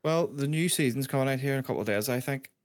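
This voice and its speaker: A man's voice: mid-range voice, quick pace, dry recording, clean studio sound. A man with a Northern Irish accent chatting offhand about games as co-host of a podcast. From Northern Ireland. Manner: laid-back, offhand, sweary. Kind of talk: casual gaming chat.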